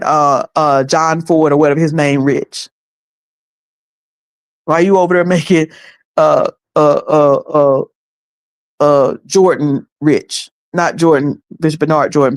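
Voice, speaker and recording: A woman with a low-sitting voice hosts a livestream of casual commentary, recorded with no echo. She talks in a colloquial, preachy way and laughs often.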